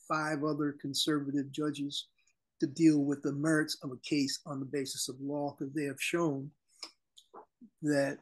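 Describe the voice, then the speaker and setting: A man co-hosting a political talk show, his voice sitting a little higher than most men's. He delivers his commentary in an animated, indignant way. He is heard over a remote call link. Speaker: co-host.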